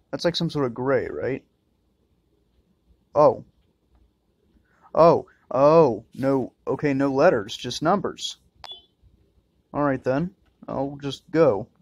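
A man's voice: mid-range voice, slow, pauses often, a little mellow, slightly rough, no echo, dull audio. A man doing crude, joking commentary while playing a horror game, muttering and swearing to himself. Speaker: let's-play gamer.

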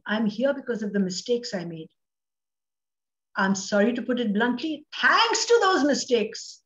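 A woman's voice: mid-range voice, reverberant, highs cut off. A woman with an Indian English accent giving a motivational talk as a guest speaker, speaking emphatically and dramatically and dropping in Hindi phrases.

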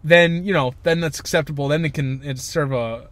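A man's voice: a little high, moderate pace, dry recording. Ranting, swearing young man, dry sound. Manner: profane, ranting, emphatic. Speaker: podcast co-host. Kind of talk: casual chat.

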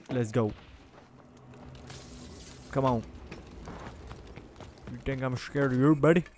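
Over loud in-game gunfire, a man with a medium-pitched voice hosts a gaming channel. His gameplay commentary is casual, and he playfully taunts and trash-talks his opponents.

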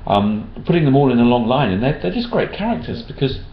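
A man's voice: mid-range voice, very animated, fast. A man answering backer questions in a casual chat, hesitant, with many restarts. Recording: roomy dull-sounding room recording.

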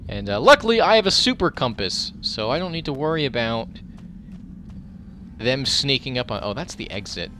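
A man giving let's play commentary over his gameplay. He reacts loudly and profanely, talks back at the enemies and mutters while he loots. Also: mid-range voice, moderate pace, slight background noise. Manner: excitable, profane, talks to the game as he plays. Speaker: gaming commentator.

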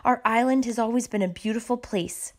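A woman reading aloud, voicing an older man who gravely tells a child about his island's past. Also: on the high side, brisk, lightly acted.

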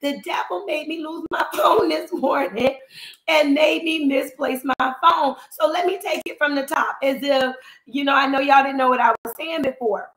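Slightly hoarse, chatty woman livestreaming. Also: high-pitched, normal speed, reverberant, poor audio. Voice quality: slightly hoarse, losing her voice. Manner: chatty, animated, talks straight to viewers. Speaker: finance coach. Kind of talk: casual live stream chat. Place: at home, cutting flowers. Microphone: phone livestream.

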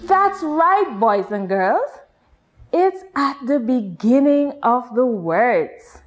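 A woman's voice: a little high, sing-song, faint music behind. A woman with a Guyanese accent teaching a nursery class, speaking patiently and drawing out her words for young children. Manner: patient, sing-song, drawn-out teacher talk with exaggerated rises. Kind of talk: slow, deliberate children's lesson.

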